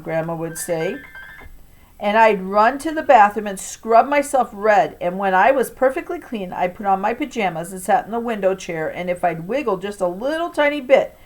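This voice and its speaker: A woman teacher reading a children's novel aloud to her class, with an expressive storytelling delivery. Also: medium pitch, moderate pace.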